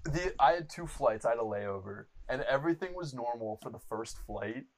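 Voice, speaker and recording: A young man holding forth on a casual podcast, his voice sitting at an ordinary middle pitch. He rambles in an animated, profane way, stacking "like" and restarts as he tells a story to his co-hosts. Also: moderate pace, slight background noise, low-quality recording. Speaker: podcast host.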